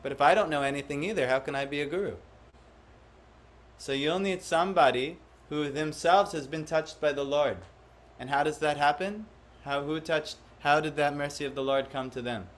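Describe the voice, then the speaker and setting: A man's voice: on the high side, normal speed. Man teaching a devotional class. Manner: questions the audience, acts out quoted voices. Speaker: spiritual teacher. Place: room with a live audience.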